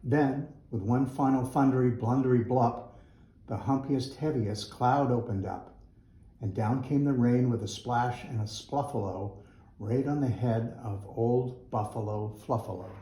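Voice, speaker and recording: A man's voice: mid-range voice, unhurried, dark tone, roomy sound, poor audio. A man, a mayor, reading a rhyming picture book aloud to schoolchildren in a school room. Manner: rhythmic rhyming delivery.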